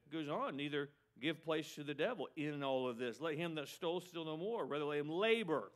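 A man's voice: on the high side, lively intonation, brisk, hardly any pauses. A middle-aged male pastor preaching a sermon with emphasis, repeating a refrain and mocking excuses.

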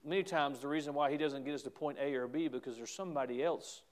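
His pitch on the high side and his pace quick, a middle-aged Southern US pastor delivers a sermon. He moves from quiet asides to loud, forceful exclamations.

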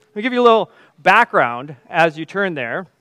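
A man's voice: high voice, very animated, moderate pace, pushed and bright, smooth, no room sound. A man, in his thirties, preaching a sermon and telling a family story with chuckles.

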